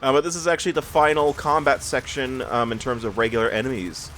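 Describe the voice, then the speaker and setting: A man's voice: mid-range voice, steady tone, quick pace, fairly bright tone, soft background music. A tired man just out of bed, rambling and stammering through casual gameplay commentary as a let's play host. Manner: rambling, self-deprecating, stammers and laughs.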